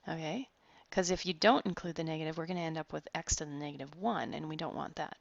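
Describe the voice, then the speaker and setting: A woman's voice: low voice, fast, vocal fry, dry recording. A woman math tutor talking students through problems step by step, encouraging them as she goes. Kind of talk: online math lesson. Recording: dull, dry close recording.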